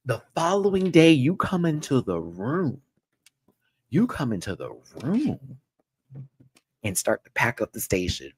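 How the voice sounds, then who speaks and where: A man's voice: on the low side, big pitch swings, moderate pace, no room sound, low-quality recording. A young man hosting a casual live review, dramatic and swearing, acting out what people said with lots of laughter. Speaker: host reviewing a reality show.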